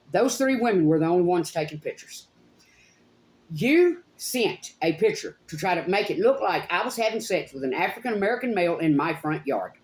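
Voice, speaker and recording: Middle-aged woman, psychic channel host, angry accusing rant with swearing and lively pitch, echoey room. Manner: heated, accusing, swearing, repeats phrases for emphasis. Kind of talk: angry direct-to-camera rant.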